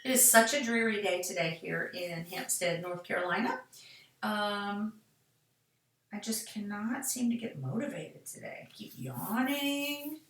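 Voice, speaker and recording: A woman's voice: medium pitch, measured pace, fairly bright tone. A middle-aged woman, casually demonstrating card making and chatting to herself as she works. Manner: chatty, talks to herself while working. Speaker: card-making tutorial host. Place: craft room. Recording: echoey room, mic at a distance.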